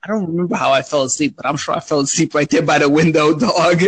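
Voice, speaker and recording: An adult man spins a childhood story in loose, profane chat. His voice is husky and pitched a bit high, with big animated swings. The sound is dry and close. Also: quick pace, dry recording.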